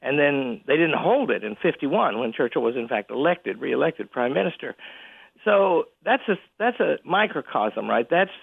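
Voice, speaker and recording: A man's voice: a little high, sing-song, gravelly, husky, dry recording. An older man as an interview guest on the phone, chuckling often and restarting his sentences as he talks. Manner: chuckling, halting with many restarts. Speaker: guest, college president. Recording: tinny phone line.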